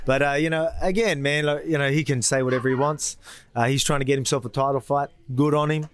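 Australian bloke, quick interview talk, humble and rambling, lots of fillers. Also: male voice, mid-range voice, fairly even intonation. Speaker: fighter guest. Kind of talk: casual interview chat.

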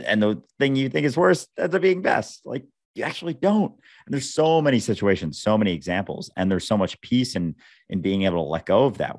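Man, very low voice, earnest philosophical talk, dry close sound. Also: no echo. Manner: earnest, philosophical, swears casually. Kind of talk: casual chat.

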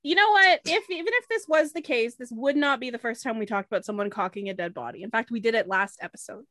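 Bright, blunt, sweary woman. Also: fairly high pitch, fast, no room sound. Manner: blunt, swears freely, emphatic repetition. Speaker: podcast co-host telling a case. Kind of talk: casual comedic chat.

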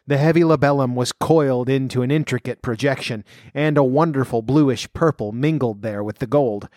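A man narrating a classic story in an audiobook reading, measured and slowing in tense passages. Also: medium pitch, darkish tone, no echo, studio quality.

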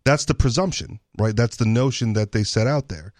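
A man co-hosting a casual talk radio show, trading quick remarks. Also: mid-range voice, a little mellow, dry recording, clean studio sound. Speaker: radio co-host. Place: radio studio.

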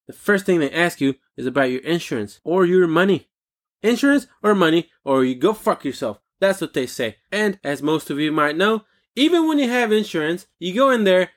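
High-voiced man ranting, full of profanity. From United States. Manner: profane, animated ranting with sudden loud outbursts. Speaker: podcast host. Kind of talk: solo rant monologue.

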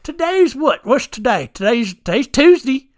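A podcast host voicing a confused male gunman with a put-on country drawl, slow and folksy. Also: sits high, big pitch swings, no echo, studio quality, pitched above the performer's own voice. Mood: puzzled.

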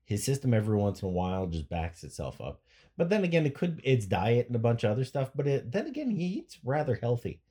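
Huge swings in pitch mark this man's mid-range voice, which is warm, slightly rough and fast. He co-hosts a podcast, rambling and joking through stories in relaxed chat, often trailing off before restarting a sentence.

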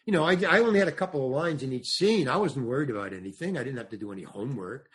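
A man's voice: medium pitch, expressive, racing, a bit bright, breathy edge. An older man, a stand-up comedian and actor, telling a long anecdote as a podcast guest, acting out quoted dialogue and often restarting his sentences. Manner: rambling storyteller, acts out quoted dialogue, frequent restarts. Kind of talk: anecdotal interview storytelling.

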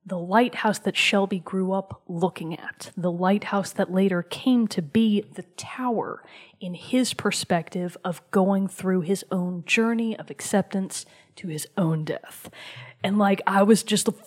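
A woman hosting a show, casually recounting a video game story and dropping into a soft whisper for emphasis. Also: mid-range voice, a little slow. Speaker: show host.

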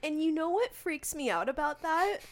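A young woman co-hosting a podcast, chatting casually and telling a story with animated energy. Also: high voice, normal speed. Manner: animated storyteller, acts out her own screams. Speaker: podcast co-host. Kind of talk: casual chat.

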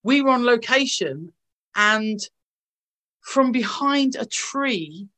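A woman's voice: on the high side, expressive, takes it slowly, pushed and bright. A woman, an actress, telling gushing anecdotes in a casual interview over a video call. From England. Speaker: actress guest.

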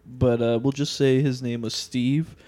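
A young man chats on a casual podcast. He tells long, rambling stories full of slang and cursing. His pitch sits in an ordinary middle range. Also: little pitch movement, measured pace, warm tone. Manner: rambling storyteller, slangy and profane. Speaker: podcast co-host.

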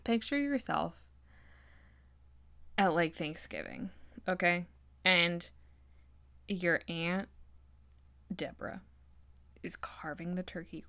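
Gravelly, giggly woman rambling a movie recap. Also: lowish voice, slow, long pauses, bright, forceful tone, dry recording. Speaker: podcast host recapping a movie. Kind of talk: casual chatty recap.

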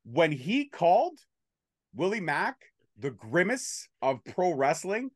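Tired male co-host, profane, mock-grumpy banter, very animated delivery. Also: a little high, takes it slowly, dry recording, clean studio sound. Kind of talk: casual podcast chat.

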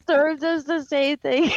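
A woman co-hosting a relaxed podcast, laughing often as she tells stories. She speaks slowly, in a slightly high voice. The sound is dry and close-miked. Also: no room sound, lo-fi sound. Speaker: podcast co-host. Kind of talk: casual chat.

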